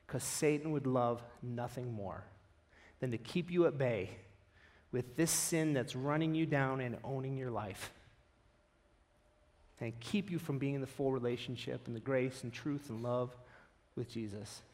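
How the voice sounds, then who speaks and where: A man's voice: medium pitch, measured pace. A man pastor preaching a sermon, telling stories and acting out the voices in them. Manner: animated storytelling, acts out quoted voices.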